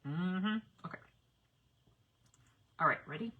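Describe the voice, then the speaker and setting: Bright chatty woman crafting live. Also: lowish voice, moderate pace, pauses often. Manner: chatty, talks while working, addresses viewers directly. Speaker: craft demonstrator on a live stream. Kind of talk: live crafting demo chat.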